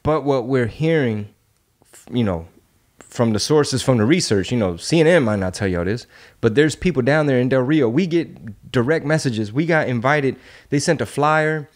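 A male podcast host talking in a casual, slangy way. His pitch sits in the middle range. He builds his points through strings of heated rhetorical questions. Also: expressive, moderate pace.

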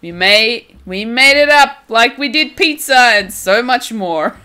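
A young American woman streaming a game, joking with her chat and breaking into giggles again and again. Her voice is bright and a little high, and it swings up and down with lively expression. She talks at an unhurried pace over soft game music in the background. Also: smooth. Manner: playful and teasing, laughs constantly. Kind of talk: casual live-stream chat.

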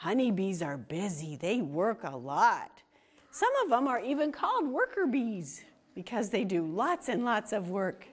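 A woman reading a picture book aloud to children, animated and full of questions for them. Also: medium pitch, a little slow, breathy edge. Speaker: children's storytime reader.

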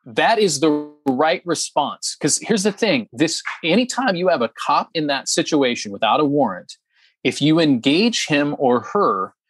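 A man's voice: fairly high pitch, expressive, unhurried, breathy edge, dry recording. A man co-hosting a podcast in casual chat, talking emphatically and heatedly, with lots of ums and restarts. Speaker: podcast co-host.

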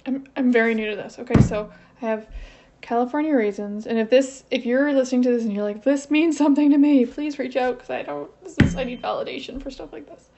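Woman, slightly high voice, hesitant, thinking out loud, dull lo-fi sound. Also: quick pace, vocal fry. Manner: hesitant, thinking aloud, self-questioning. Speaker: channeler. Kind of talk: casual solo channeling session. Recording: slightly dull lo-fi audio with faint noise.

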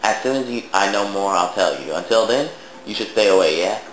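A man reading the lines of a guarded female warrior from a video game in a low, muttered voice. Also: expressive, fairly quick, a little hiss or hum, close to an everyday voice. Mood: wary. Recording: echoey room with game music.

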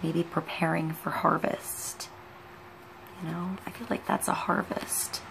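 A woman giving an unscripted tarot reading, musing and halting as she thinks aloud with many pauses. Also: on the low side, level tone, vocal fry, noisy background. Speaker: tarot reader.

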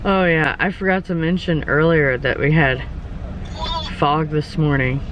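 A woman's voice: low-pitched, fairly even intonation, measured pace, noisy background. A young adult woman narrating a casual family vlog to her viewers in a chatty way. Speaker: family vlogger.

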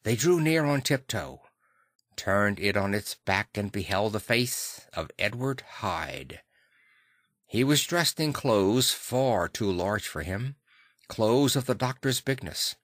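A man narrating a classic novel audiobook in a measured, dramatic way on a close microphone. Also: on the low side, animated, fairly bright tone, no room sound.

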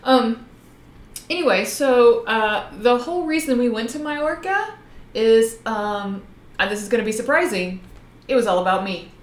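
A woman's voice: on the high side, animated, normal speed, roomy sound. A woman co-hosting a live drawing stream in casual chat, talkative and laughing often, with plenty of ums as she tells stories.

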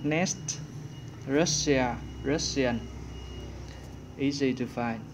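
A man's voice: medium pitch, very slow, background noise. A man working through an English workbook exercise aloud, thinking as he goes and searching for answers. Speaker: English teacher. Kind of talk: workbook walkthrough lesson.

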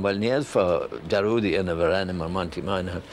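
An older Irish man reminiscing casually, chuckling and pausing with many fillers. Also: low-pitched, slight background noise. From Ireland. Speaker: storyteller.

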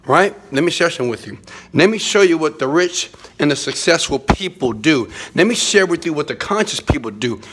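A man giving a hyped motivational talk to his phone camera in a high-rise apartment, chanting and repeating phrases. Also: animated, fairly quick, noisy background. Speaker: motivational speaker.

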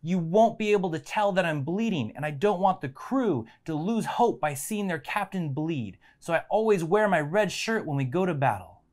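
A man's voice: a little high, animated, normal speed, hardly any pauses, darkish tone, natural voice. A man voicing a commanding male sea captain in a joke he tells, barking orders to his crew. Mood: explaining.

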